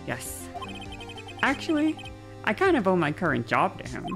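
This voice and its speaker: A woman's voice: on the low side, huge pitch swings, normal speed, creaky, over music, voice pushed up, heavily acted. A woman voicing an earnest, nervous rookie defense attorney who speaks hesitantly, reading game dialogue.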